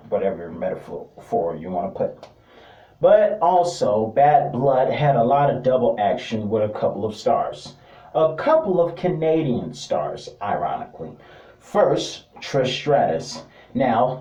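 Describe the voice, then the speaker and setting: A man's voice: lowish voice, warm tone, muffled recording. A man giving a casual wrestling review, rambling with joking asides. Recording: roomy sound, distant mic.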